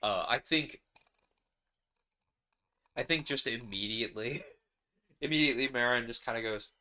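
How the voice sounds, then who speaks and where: A man's voice: medium pitch, unhurried, bright, forceful tone. A man narrating his solo tabletop game in a rambling, casual way, laughing often.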